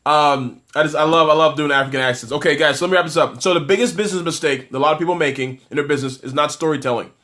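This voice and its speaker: A man coaching small businesses on a live stream. His voice sits a little high and he talks energetically, reacting to viewer comments with frequent false starts. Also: racing, few pauses. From Toronto, Canada. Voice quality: energetic, talkative, many restarts.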